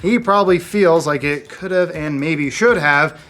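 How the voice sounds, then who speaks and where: A man's voice: fairly high pitch, unhurried, fairly bright tone. A man co-hosting an entertainment news show, trading sarcastic wisecracks in jokey banter. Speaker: co-host.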